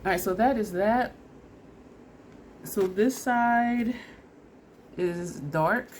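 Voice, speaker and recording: Speaking very slowly at a medium pitch with a darkish tone, a beauty vlogger goes through a makeup try-on step by step. She's chatty and laughs at herself, though teary and sniffly from allergies, with slight background noise.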